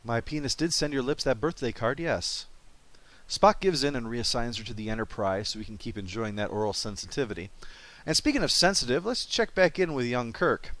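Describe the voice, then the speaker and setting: A man's voice: mid-range voice, lively intonation, a little fast, a bit bright. A man narrating a comedic game review, full of sarcastic wisecracks.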